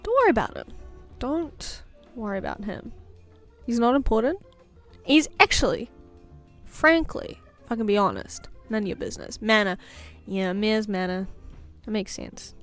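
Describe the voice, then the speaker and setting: A woman art streamer with a non-American English accent chats while drawing, jokey and rambling with frequent laughs and fillers. Her mid-range voice moves at a measured pace over soft background music.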